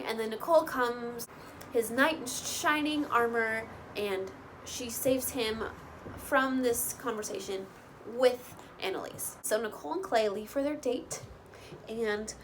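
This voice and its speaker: A woman casually recapping a reality show, chatty, with lots of "like" and "you know" and lively quoted bits. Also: fairly high pitch, measured pace, noisy background. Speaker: recap host.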